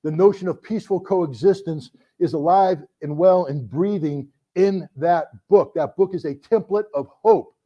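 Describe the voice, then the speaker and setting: Animated middle-aged male storyteller. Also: high voice, normal speed, few pauses. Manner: animated storyteller who acts out the voices in his anecdotes. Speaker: speaker telling a story to an audience. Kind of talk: storytelling talk to an audience. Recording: dull lo-fi recording.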